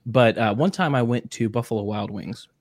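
A man's voice: mid-range voice, moderate pace, no room sound. A man hosting a podcast in casual chat, joking around and talking while chewing spicy jerky. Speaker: podcast host.

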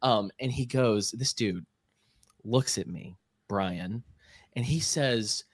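A low-pitched man tells a lively anecdote on a podcast, jumping into the voices of the people in the story. The sound is dry and close, with no room around it. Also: slow, long pauses, no echo. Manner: animated anecdote-telling with acted-out quotes. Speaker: podcast co-host. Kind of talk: casual storytelling chat.

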